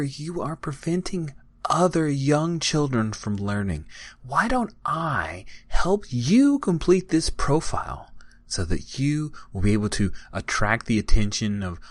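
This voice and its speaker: A man playing a calm young doctor who talks in a measured, gently persuasive way. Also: mid-range voice, no echo, natural voice. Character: calm, earnest young male college doctor.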